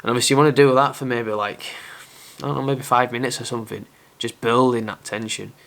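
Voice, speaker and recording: A man's voice: mid-range voice, steady tone, fast, vocal fry, a bit bright. A young man talking casually to camera as a dating advice presenter, candid and self-aware.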